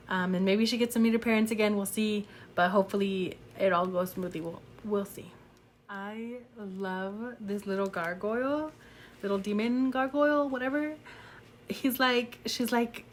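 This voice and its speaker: A woman's voice: medium pitch, slight background noise. A young adult woman talks casually about a book she is reading, gushing about it and filling her talk with "like" and "you know.". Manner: chatty and gushing, many fillers. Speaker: book reviewer. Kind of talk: casual chat.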